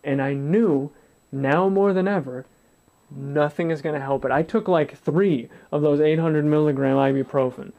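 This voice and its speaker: A man's voice: fairly high pitch, normal speed, creaky, narrow, tinny audio. Guy in his 20s telling a story, swears a lot, acts out the dialogue. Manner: blunt and profane, swears freely, acts out dialogue. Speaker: vlogger. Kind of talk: casual storytelling to camera.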